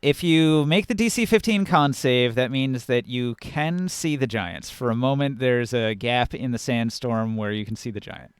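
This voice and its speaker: A man's voice: medium pitch, moderate pace, hardly any pauses, clean tone, no echo, clean studio sound. A man running a tabletop game as game master, casually narrating the action and sound effects. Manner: casual, animated narration with counting and sound words.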